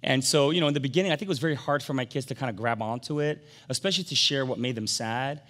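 A middle-aged pastor delivering a sermon in a big church sanctuary, his voice trailing off into a long hall reverb. His pitch sits in a middle range for a man. He is animated, pushing up to emphatic peaks and then dropping to hushed, gentle storytelling. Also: fast.

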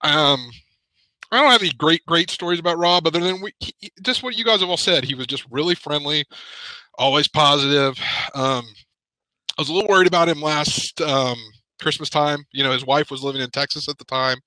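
A man in a podcast video call, talking haltingly with many pauses and fillers, choked up with emotion. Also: on the high side, pushed and bright, dry recording, rough recording. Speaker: podcast panelist. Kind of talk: emotional casual chat. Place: home.

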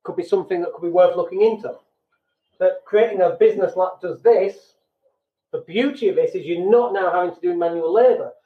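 On a casual business podcast, a British host with a fairly high voice speaks briskly, bluntly, and with self-deprecating jokes, acting out the people he quotes. The audio is thin and tinny like a phone line, with noticeable room echo.

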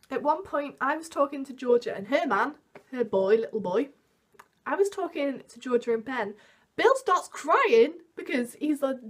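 A young woman vlogging, telling a story in an animated way and acting out the quoted voices. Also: high-pitched. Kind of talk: storytime vlog.

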